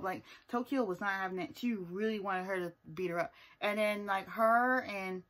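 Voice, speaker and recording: A woman's voice: mid-range voice, moderate pace, few pauses, fairly bright tone. Sassy woman recapping a reality show. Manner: sassy and emphatic, often tags points with "okay?". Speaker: TV show reviewer. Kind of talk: casual recap vlog.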